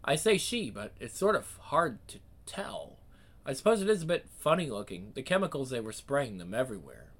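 A man voicing a gentle, chatty older woman nursing a baby, talking softly and unhurriedly in a comic reading. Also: mid-range voice, big pitch swings, normal speed. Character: old woman, young mother, gentle chatty.

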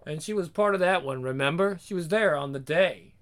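A man's voice: on the high side, fairly quick, fairly bright tone, lightly acted. A man voicing a foul-mouthed, hard male ringleader with a blunt, menacing manner.

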